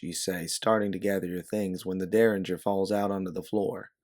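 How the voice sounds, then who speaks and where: A man narrating a second-person audiobook story in a steady, measured way. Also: low-pitched, no echo, clean studio sound.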